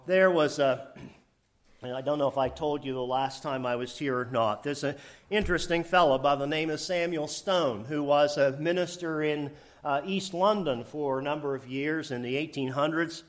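An older man preaching a sermon in a lively, laughing way, rising to emphatic high bursts. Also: normal speed.

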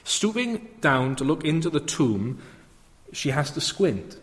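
A man's voice: fairly high pitch, very animated, unhurried, a bit bright. A man preaching a sermon in a reflective manner, often turning to rhetorical questions. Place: church. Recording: long reverb of a church.

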